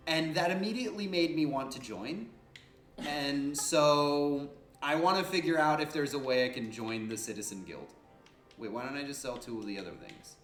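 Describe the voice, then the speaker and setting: Fields: animated man streaming a game. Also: a little high, moderate pace, reverberant, soft background music. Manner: animated, joking, slangy and profane. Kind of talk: casual gameplay commentary.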